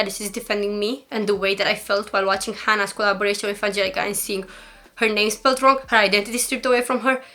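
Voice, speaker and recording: A woman's voice: on the high side, bright, forceful tone. A young woman from Eastern Europe talking earnestly and defensively in a commentary vlog, close to tears at times. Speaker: YouTuber.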